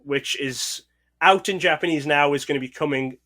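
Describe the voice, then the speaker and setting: A man's voice: a little high, moderate pace, pushed and bright. A man from Northeast England with a mild accent from there, co-hosting a casual podcast and patiently explaining things in an easygoing way. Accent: mild Northeast English. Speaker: podcast co-host. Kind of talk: casual chat.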